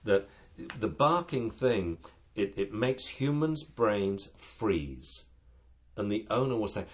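A man's voice: lowish voice, lively intonation, slow. A man who trains dogs, chatting on a talk show and acting out dogs and owners in funny voices. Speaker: dog trainer and show guest expert. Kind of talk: casual radio chat.

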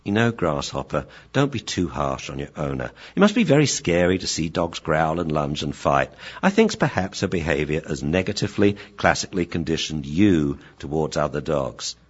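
A man voicing a wise old male dog who calmly and gently advises a younger dog. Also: rumbling low, breathy edge, exaggerated voice. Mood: counseling. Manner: calm, gentle, measured advice. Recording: dull lo-fi recording.

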